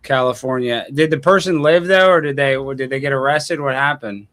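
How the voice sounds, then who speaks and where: A man's voice: medium pitch, a little fast. A man hosting a late-night call-in live stream, ranting sarcastically and thinking aloud as he takes callers. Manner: animated, sarcastic ranting, thinking aloud while searching online. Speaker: call-in show host. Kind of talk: casual live-stream talk.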